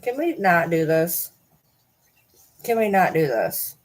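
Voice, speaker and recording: A woman's voice: lowish voice, sing-song, slow, long pauses. A woman vlogging casually while talking to her cat, chatty and cursing, slipping into cooing baby talk.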